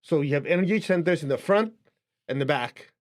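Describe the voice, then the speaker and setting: A man's voice: on the high side, lively intonation, a little fast. A man with a Chinese accent giving a casual, conversational spiritual lesson, chuckling now and then as he explains. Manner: conversational, chuckling, shows a book to camera. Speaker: spiritual teacher. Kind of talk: casual teaching talk to camera.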